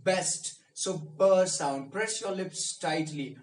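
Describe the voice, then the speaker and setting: High-voiced man coaching pronunciation slowly. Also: far from the mic, slight background noise. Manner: repeats and drills each word slowly. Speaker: speech coach. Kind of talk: pronunciation lesson. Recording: echoey room, mic set back.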